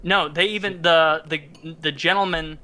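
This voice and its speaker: A young man in his twenties telling a story on a casual podcast, with a high voice and a bright, sharp tone. He tells it in an animated way and chuckles often between lines. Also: normal speed. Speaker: podcast co-host.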